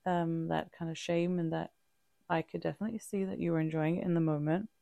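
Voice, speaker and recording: A woman with a low, very gravelly voice speaks openly and reflectively in a casual podcast chat, dark and mellow in tone. She often stops and restarts her sentences, and the sound is dry and close. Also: steady tone, no echo, highs cut off. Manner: halting, frequent restarts and fillers; open and reflective. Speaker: podcast co-host.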